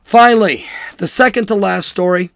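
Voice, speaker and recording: A man hosting a political commentary show delivers an emphatic, sarcastic, opinionated monologue, mocking with air quotes. His voice sits high and creaky at normal speed, with no room sound.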